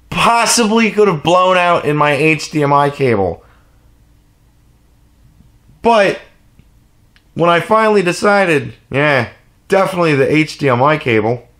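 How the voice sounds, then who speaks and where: A man's voice: on the high side, a bit bright. A man telling a rambling, profane story in a casual vlog rant. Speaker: vlogger.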